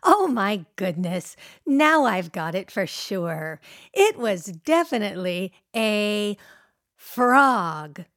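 A woman's voice: medium pitch, sing-song, takes it slowly, fairly bright tone, dry recording, clean studio sound. Playful woman hosting a kids' radio show. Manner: playful, sing-song, teasing guessing games. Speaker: children's radio show host. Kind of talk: cheerful talk to young children.

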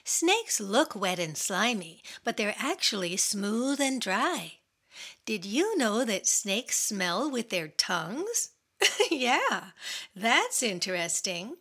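A woman's voice: mid-range voice, sing-song, slow, pushed and bright, slightly rough. A woman hosting a children's radio show, bubbly and sing-song, talking straight to the kids listening.

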